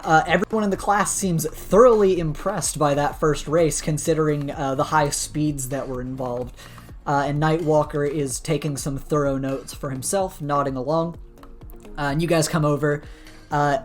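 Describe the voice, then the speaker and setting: Brief: low-pitched woman game master narrating a role-play, casual and rambling, soft music behind. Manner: casual, filler-heavy narration.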